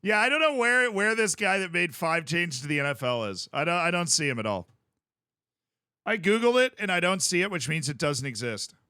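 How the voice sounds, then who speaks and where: A man's voice: on the high side, expressive, fairly quick, bright, forceful tone, clean tone, no echo, clean studio sound. A man, chatting casually on a livestream, rambling and restarting his sentences. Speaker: streamer.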